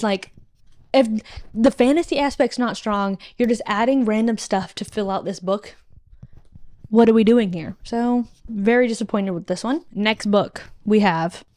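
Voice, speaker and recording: A woman's voice: medium pitch, darkish tone. A young woman reviewing books in a casual vlog, talking in a chatty, blunt way with many fillers. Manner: chatty, filler-heavy, with frank blunt opinions. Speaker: book reviewer. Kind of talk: casual monthly reading wrap-up.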